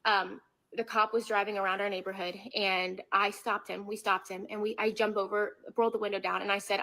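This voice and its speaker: A woman retelling a frightening encounter in a halting, repetitive way, returning again and again to her apology. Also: medium pitch, level tone, pushed and bright, low-quality recording. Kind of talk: clip of an emotional personal story.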